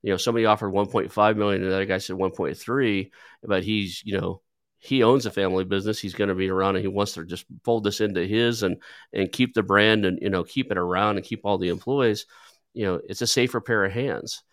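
A man with a very low voice talks casually, drifting through anecdotes with frequent fillers and restarts. The sound is dry and close. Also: steady tone, fairly quick, fairly bright tone, dry recording. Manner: rambling, storytelling with filler words. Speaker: podcast host who buys businesses. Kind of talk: casual conversational interview.

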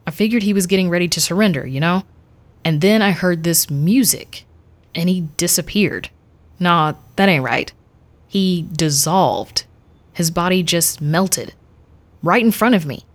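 A woman's voice: fairly low pitch, expressive, a little slow. A woman voicing a nervous young male constable with a Spanish accent, hesitant and shaken.

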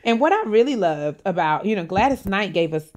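A woman in casual conversation, talking with lots of laughter. She slips in and out of acted-out quotes. Her voice has a medium pitch. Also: a little fast. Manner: animated, laughing, acts out quotes. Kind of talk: casual chat.

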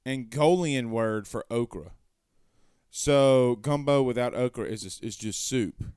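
A man's voice: medium pitch, slow, darkish tone, clear, resonant tone, no room sound, studio quality. A man hosting a sports talk show, reading viewer comments aloud and rambling conversationally with rhetorical questions.

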